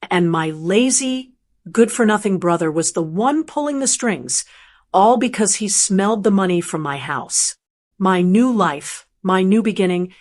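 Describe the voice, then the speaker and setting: A woman narrating a first-person story in a tense, dramatic manner. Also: mid-range voice.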